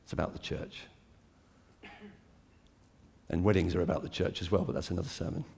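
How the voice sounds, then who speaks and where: A man preaching a sermon to a church, dramatic and swinging between hushed, intimate lines and emphatic climbs. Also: low voice, fairly even intonation, brisk, creaky, slightly rough. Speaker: pastor.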